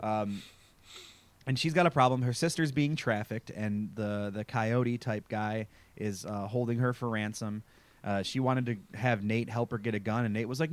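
A man's voice: fairly low pitch, fairly even intonation, moderate pace, no echo. A man hosting a podcast, recapping a TV episode in casual, jokey chat full of fillers and swearing. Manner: rambling, profane, jokey, lots of fillers. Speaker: podcast host recapping a show.

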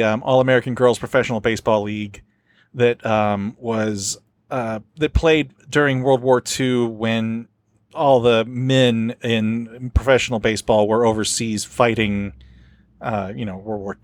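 A man's voice: mid-range voice, no room sound. A man hosting a casual podcast chat, rambling with many fillers as he tells stories. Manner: rambling, filler-heavy storytelling. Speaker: podcast host.

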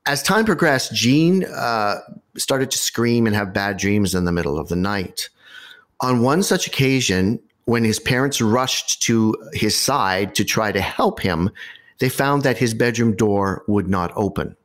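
A man with a somewhat low voice hosts a chatty podcast, spinning a creepy story for his co-host. He tells it with relish and drops dry little jokes along the way. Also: unhurried. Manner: animated storyteller with wry asides. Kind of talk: casual storytelling chat.

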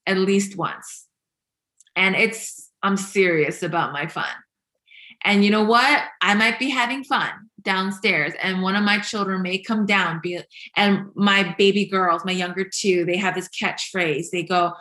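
A woman's voice: medium pitch, a little slow, pushed and bright, reverberant. A woman, likely in her thirties, talking candidly and earnestly about motherhood, with frequent fillers and a chatty, conversational flow. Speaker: working mother sharing experience.

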